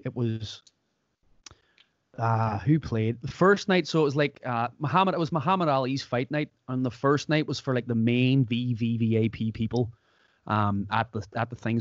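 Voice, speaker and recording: An Irish man hosts a podcast, chatting casually and acting out the people in his stories as an animated storyteller. His voice is medium-pitched, and the recording is dry and muffled.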